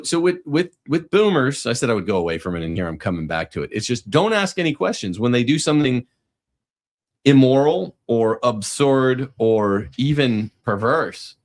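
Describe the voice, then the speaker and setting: A middle-aged man hosting a talk show, giving sardonic, rambling commentary with frequent restarts. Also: mid-range voice. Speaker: podcast host. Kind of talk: casual commentary.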